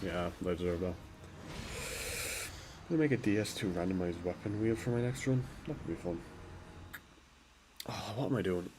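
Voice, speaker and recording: A man's voice: fairly low pitch, unhurried, pauses often, background noise. A man streaming a game live, talking to himself and swearing in frustration, with game music behind him. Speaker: gaming streamer. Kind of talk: live gameplay commentary.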